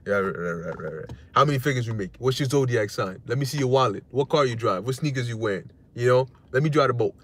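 A man's voice: mid-range voice, lively intonation, fast talker, few pauses, pitched below the performer's own voice, lightly acted. A man voicing a demanding woman who dismissively fires off questions at a suitor.

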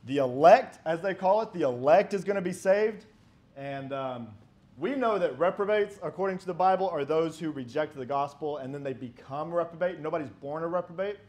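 A man's voice: a little high, a little mellow. A man preaching a sermon, arguing emphatically with rhetorical questions and reading old-style scripture aloud.

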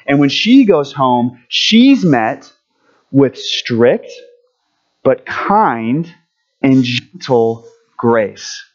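At a church service, a man with a mid-range voice gives a children's story, friendly and animated, asking the kids questions along the way. The recording sounds muffled.

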